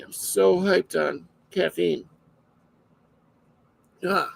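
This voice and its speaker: A man's voice: on the high side, steady tone, slow, gravelly, poor audio. A man hosting a live podcast alone, chatting casually in a rambling, self-interrupting way. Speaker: podcast host.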